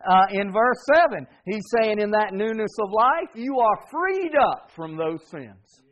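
High-voiced emphatic male preacher. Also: expressive, a little slow, fairly bright tone, dull audio. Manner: call-and-response with congregation, emphatic repetition. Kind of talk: sermon.

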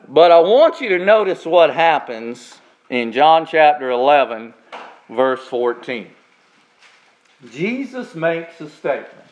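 A man preaching a sermon as pastor, stretching out key phrases slowly for emphasis. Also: a little high, very animated, highs cut off. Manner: preaching with slow, drawn-out emphasis on key words.

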